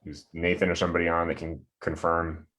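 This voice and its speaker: A man's voice: deep voice, flat delivery, brisk, fairly bright tone. A man chairing a board meeting over a video call, talking hesitantly with many fillers and restarts.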